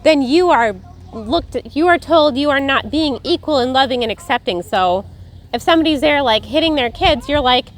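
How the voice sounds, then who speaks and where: A woman's voice: sits high, lively intonation, moderate pace. A woman co-hosting a casual podcast chat, explaining things in a chatty way with frequent fillers. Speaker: podcast co-host. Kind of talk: casual chat about cults.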